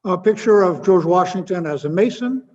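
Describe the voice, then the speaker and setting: A man giving an informal history lecture, halting often with filler sounds and adding wry asides. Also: high-pitched, animated, darkish tone. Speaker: guest speaker. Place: lecture hall. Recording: muffled with long hall echo.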